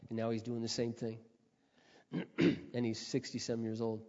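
A middle-aged man preaching a sermon, telling earnest personal stories and often clearing his throat. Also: mid-range voice, completely flat delivery, moderate pace, a little mellow. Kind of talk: sermon storytelling. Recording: dull lo-fi audio with long hall reverb.

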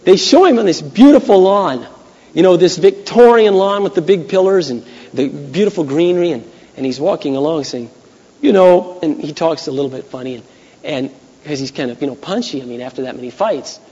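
Husky, high-voiced male preacher in a hall. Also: animated, brisk. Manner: conversational storytelling, rising to loud emphatic peaks. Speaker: pastor. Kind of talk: sermon. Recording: dull 1980s church recording with long hall echo.

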